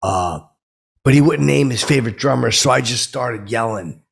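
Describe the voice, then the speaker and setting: A man's voice: mid-range voice, moderate pace. A man playing a brash, tipsy middle-aged podcast host who rambles and stammers through a comic story. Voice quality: gravelly, raspy. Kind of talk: comedic character monologue.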